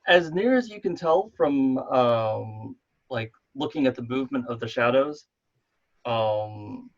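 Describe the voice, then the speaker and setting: Male game master, slow and halting, muffled call sound. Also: medium pitch, expressive. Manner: hesitant, many ums. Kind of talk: narrating a tabletop game online. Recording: dull online call audio.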